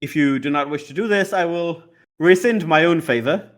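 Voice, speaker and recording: A man voicing an imperious, smooth-talking male lawyer who speaks in a formal, measured and condescending way. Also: a little high, close to an everyday voice.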